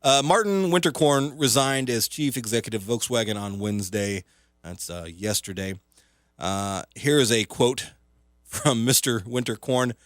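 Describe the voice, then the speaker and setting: A male comedian hosts a talk radio show, riffing alone at the studio mic with a loose, rambling, self-mocking style full of fillers and asides. His voice sits at an ordinary middle pitch for a man, and the sound is dry and close, with no room echo. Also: measured pace. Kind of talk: casual comedic radio monologue.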